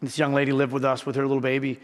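A man's voice: medium pitch, completely flat delivery, racing, long reverb tail. A man preaching a sermon as pastor, telling a personal story earnestly and building to fervent emphasis.

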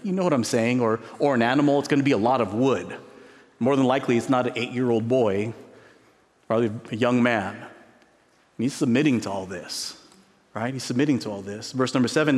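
Emphatic male preacher in a reverberant hall. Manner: emphatic, climbing high on key words, musing pauses. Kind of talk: expository sermon. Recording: long reverb of a large hall.

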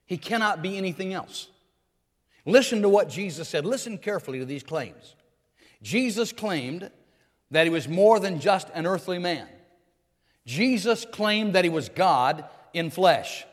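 A man's voice: high voice, lively intonation, moderate pace, pauses often. A male pastor preaching a sermon, building to emphatic, rising declarations. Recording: long hall reverb.

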